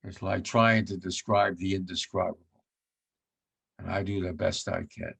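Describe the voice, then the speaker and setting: A man in his nineties from the United States, a World War II veteran giving blunt, vivid personal testimony, his voice sinking low and quiet when moved. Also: fairly even intonation, normal speed, creaky, slightly rough. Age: 90s.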